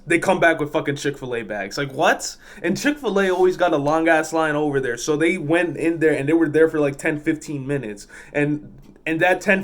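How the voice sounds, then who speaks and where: A man's voice: fairly high pitch, a bit bright. A man who works as a fuel pump attendant, telling work stories in a blunt, profane, exasperated way. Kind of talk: casual storytelling vlog.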